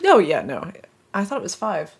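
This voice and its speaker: Playful lady cohost w a low-ish voice, giggles a lot. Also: huge pitch swings, moderate pace, gravelly, breathy edge. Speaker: podcast co-host. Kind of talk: reading erotic fiction aloud and chatting.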